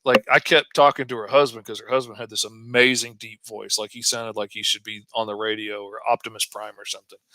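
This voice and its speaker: A man's voice: mid-range voice, bright, forceful tone, dry recording. A middle-aged man, telling a folksy story as he draws. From Arkansas. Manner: folksy and chatty, drawls out stories. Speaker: comic artist streaming while drawing. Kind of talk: casual storytelling while drawing.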